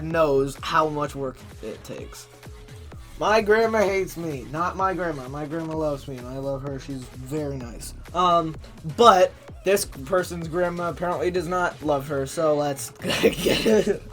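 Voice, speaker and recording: With a high, fairly bright voice, a man who makes commentary videos reads online posts aloud, ridiculing them sarcastically and incredulously while laughing a lot. Faint music plays behind him.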